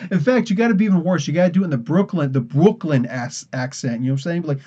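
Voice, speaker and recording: A man's voice: on the high side, fast, warm tone, slightly rough, muffled recording. A man from New Jersey hosting a casual comics podcast livestream, tired and rambling, laughing often. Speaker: podcast host.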